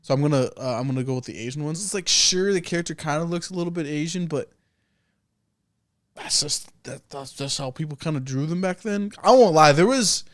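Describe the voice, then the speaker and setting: A young man co-hosting a podcast in casual chat, animated and swearing, tripping over restarts. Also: a little high, a little fast. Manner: animated, profane, many restarts. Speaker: podcast co-host.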